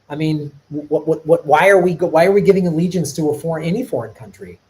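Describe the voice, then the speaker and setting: Talking fast with hardly any pauses, this middle-aged Chicago podcast host runs a live stream in an animated, rambling way, restarting his sentences often. His voice is fairly high-pitched, and the recording is rough.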